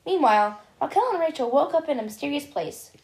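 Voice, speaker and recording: A woman's voice: high-pitched, animated, fast, vocal fry, a little mellow, reverberant. A young female reader reading a homemade story aloud, stumbling and restarting as she voices the characters.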